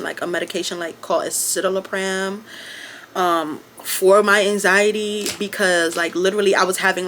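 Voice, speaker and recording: A young woman telling a casual storytime, quick and profane, full of "like" and acted-out quotes. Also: mid-range voice, sharp tone, slight background noise. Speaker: vlogger.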